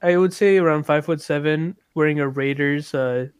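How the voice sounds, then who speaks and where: A young man telling a work story on a podcast, animated, laughing mid-sentence and swearing freely. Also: on the high side, normal speed, clear, resonant tone. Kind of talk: casual chat.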